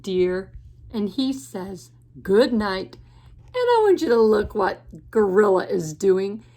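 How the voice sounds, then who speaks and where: A woman teacher reading a picture book aloud to children in a gentle way, pausing to ask the listener questions. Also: medium pitch. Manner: gentle, asks the listener questions, laughs often.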